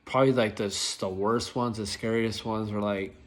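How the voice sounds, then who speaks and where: A young adult man with a slightly low-pitched voice tells stories casually in a vlog. He rambles, restarts his sentences and leans constantly on "like" and "um". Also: fairly even intonation, moderate pace. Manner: rambling, filler-heavy, lots of "like". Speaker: rideshare driver telling stories.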